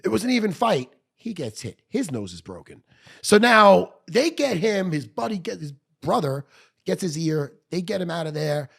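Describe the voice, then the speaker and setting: A man's voice: on the high side, big pitch swings, normal speed, creaky, a little mellow, slightly rough. A middle-aged man, telling a blunt, profane story as a guest in a podcast studio. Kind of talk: storytelling in conversation.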